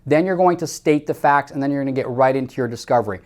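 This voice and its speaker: A man's voice: mid-range voice, fast talker, a little mellow. A man coaching salespeople in a training talk, emphatic and repetitive, speaking straight to the listener with firm instructions.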